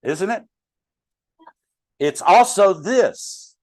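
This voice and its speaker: A middle-aged man leads a Bible study in an easygoing, unhurried way. He quizzes his class and jokes with them as he goes. His voice is close and dry. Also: high-pitched, lively intonation, a little mellow, no echo. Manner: conversational, questions the class, jokes. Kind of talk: interactive Bible study teaching.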